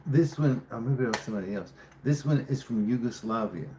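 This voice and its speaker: A man hosting a livestream, chatting casually with viewers, teasing them and guessing their names out loud. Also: medium pitch, fairly quick, noisy background. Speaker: livestream host. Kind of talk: casual live-stream chat with viewers.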